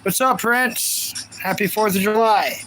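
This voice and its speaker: A man's voice: high-pitched, a little slow, background noise. A man from the United States live streaming in casual chat, repeating himself and greeting viewers one by one. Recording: loud music playing behind. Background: loud background music.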